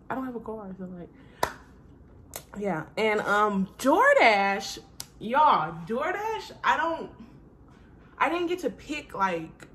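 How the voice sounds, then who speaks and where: A woman's voice: mid-range voice, a bit bright, a little hiss or hum. A young woman, chatting casually to her viewers in a rambling, profane way, trailing off and sighing often. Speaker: vlogger. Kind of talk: casual chat to camera.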